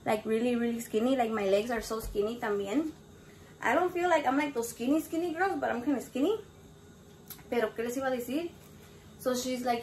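Loud-mouthed lady cooking at home, cusses nonstop, drops spanish words, kinda high voice. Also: a little fast, a little hiss or hum. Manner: brash, swears constantly, mixes in Spanish words. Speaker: home cook vlogger. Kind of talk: casual cooking vlog. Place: home kitchen.

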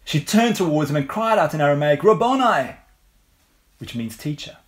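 A man with an English accent preaching a sermon, unhurried and measured, leaning on rhetorical questions. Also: on the high side, sing-song. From England.

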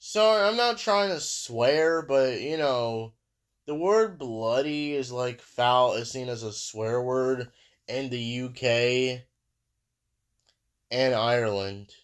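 A man's voice: medium pitch, slow pace, clear, resonant tone. A man hosting a reaction video, musing aloud in a rambling, casual way with lots of fillers.

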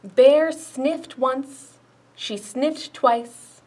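A woman children's librarian reading a picture book aloud, slowly and gently, pointing out puppets. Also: sits high. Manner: slow, gentle storytime reading.

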